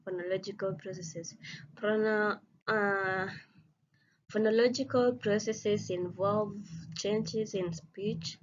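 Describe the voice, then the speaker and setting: A woman teacher reading a phonetics course outline aloud, slowly and haltingly, often stopping to restart a word. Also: medium pitch. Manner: slow, halting reading with frequent restarts on words. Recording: slightly dull, lo-fi recording with faint noise.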